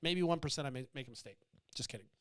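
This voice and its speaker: A man's voice: medium pitch, very fast, a bit bright, clean tone. A man hosting a show, delivering a blunt, profane political rant that wanders off on tangents and sets out to provoke. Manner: blunt, provocative, swearing freely, goes off on tangents. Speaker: podcast host.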